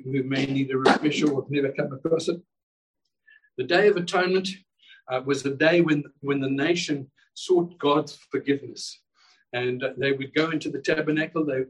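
Fervent high-voiced male preacher. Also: distant mic, low-quality recording. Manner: fervent, exclamatory, repeats words when building a point. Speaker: pastor. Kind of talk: sermon. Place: church service.

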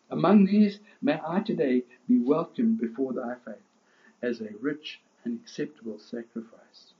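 A man's voice: a little high, a little slow, dull audio. A man preaching a sermon as pastor, impassioned, with rising emphasis and frequent restarts.

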